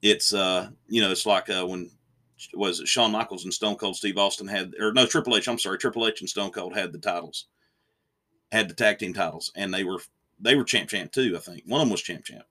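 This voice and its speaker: A man's voice: low-pitched, brisk, pushed and bright. A man co-hosting a casual wrestling podcast, rambling and opinionated, often restarting his sentences. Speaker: podcast co-host.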